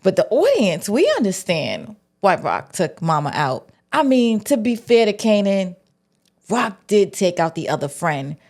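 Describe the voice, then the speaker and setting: Animated woman recapping a TV episode. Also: medium pitch, a little slow. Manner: animated, acts out characters' lines. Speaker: TV recap vlogger.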